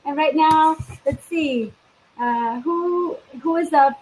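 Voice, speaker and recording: A woman life coach hosts a live video stream in a high, bright register. She chats casually and upbeat, talking straight to her viewers. Her call mic picks up some faint background noise. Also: slow, rough recording.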